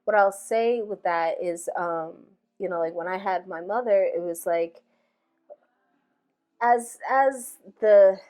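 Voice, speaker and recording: A woman's voice: medium pitch, slow pace, darkish tone, clean tone. Reflective woman telling stories in casual chat. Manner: reflective storyteller, heavy with filler phrases. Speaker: podcast host. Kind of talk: casual heartfelt conversation.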